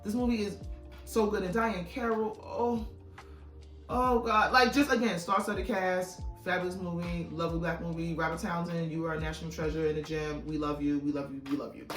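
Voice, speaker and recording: A woman's voice: mid-range voice, a bit bright. Woman, casual vlog chat, chatty and profane, echoey room, distant mic, faint background music. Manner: chatty, swears casually, self-described yapper. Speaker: YouTuber reviewing her DVD haul.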